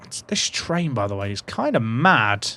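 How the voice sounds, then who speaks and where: A man giving excitable, jokey commentary while playing a racing management game, swinging between hype and quiet muttering. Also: medium pitch, unhurried, slight background noise. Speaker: gaming YouTuber.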